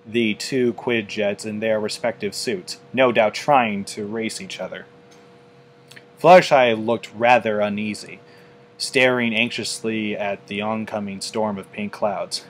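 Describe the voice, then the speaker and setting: A man narrating a storybook in an unhurried reading voice, with a few small slips. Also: on the low side, slight background noise. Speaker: storybook reader.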